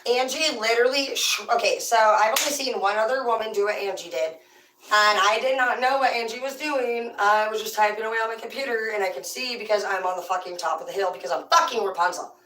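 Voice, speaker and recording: A woman's voice: a little high, fairly quick, fairly bright tone. A woman hosting a tarot channel, ranting casually with brash, profane, rambling talk. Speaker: tarot reader and host. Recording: echoey room, voice far from the mic.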